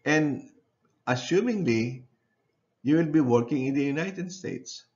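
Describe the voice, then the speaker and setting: A man giving a university lecture. He speaks haltingly, often repeats phrases and checks in with his class using "okay". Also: a little high, lively intonation, darkish tone, dull audio.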